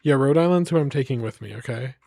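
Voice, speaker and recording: A man's voice: medium pitch, fast, vocal fry, darkish tone, no echo, studio quality. A man streaming live, rambling playfully to his chat as he reads place names aloud.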